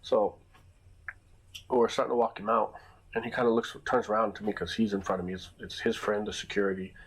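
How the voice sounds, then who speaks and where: A man with a husky, slightly low voice tells a casual story from his days running security at a club. He rambles, piles on fillers and often restarts his sentences. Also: level tone, fairly quick, rough recording. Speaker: nightclub security boss.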